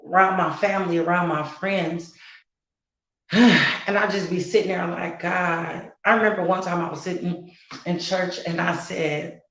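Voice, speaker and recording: A woman's voice: on the low side, fairly even intonation, moderate pace, a bit bright, reverberant, low-quality recording. A woman co-hosting a casual heart-to-heart talk as a mother, earnest and growing fervent and preachy, repeating words for emphasis. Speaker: co-host, mother.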